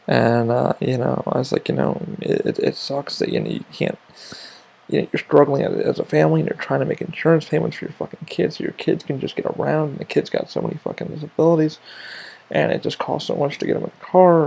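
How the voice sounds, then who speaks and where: A podcast host rambles through a casual monologue at a rapid clip. His voice is heavily gravelly with a husky, raspy edge. He swears freely and keeps restarting his sentences. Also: a little high, darkish tone.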